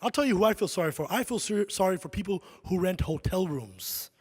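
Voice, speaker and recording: A middle-aged man doing a stand-up comedy set in a large concert hall, animated and shouting his punchlines. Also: high-pitched, a little fast, husky.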